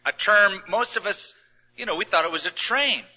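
Bright-voiced middle-aged pastor in a big hall. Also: male voice, high-pitched, moderate pace. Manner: conversational, storytelling with humor. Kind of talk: sermon. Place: large church auditorium. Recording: long hall reverb, dull lo-fi sound.

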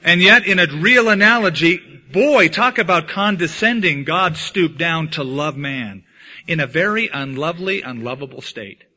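A man preaching a sermon as pastor, swinging from loud emphatic lines to hushed ones. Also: on the high side, expressive, normal speed. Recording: dull lo-fi sound.

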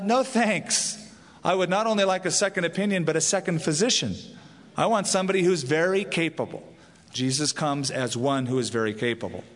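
A man's voice: a little high, fairly bright tone. A male pastor preaching a sermon, explaining scripture in a storytelling manner. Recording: long hall reverb.

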